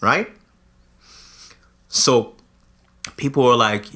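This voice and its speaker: A man co-hosting a podcast in casual chat, posing drawn-out rhetorical questions. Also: on the high side, sing-song, fairly bright tone. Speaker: podcast co-host.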